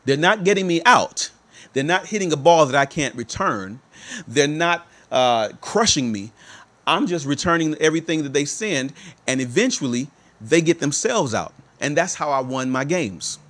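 A man's voice: a little high, expressive, normal speed, fairly bright tone. Emphatic man telling a story. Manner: emphatic, repeats assurances of truth. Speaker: motivational speaker. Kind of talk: storytelling talk to viewers.

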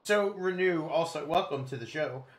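A man's voice: fairly high pitch, moderate pace, a loud crowd. A man playing an RPG on stream with friends, talking in a laid-back, dry way with some swearing. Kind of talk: casual gaming banter.

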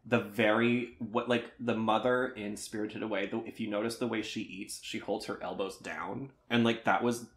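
A man's voice: lowish voice, fairly even intonation, moderate pace, few pauses, slight background noise. Chatty, rambling man on a podcast. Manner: rambling, loses his train of thought. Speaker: podcast co-host. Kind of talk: casual chat.

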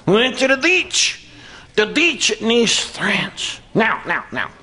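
Redneck puppet, Southern US accent, brash, bright, lively pitch. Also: male voice, takes it slowly, exaggerated voice. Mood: cheeky. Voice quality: high, hollering and whooping. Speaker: ventriloquist's dummy. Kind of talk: stand-up ventriloquist act. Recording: noisy comedy club.

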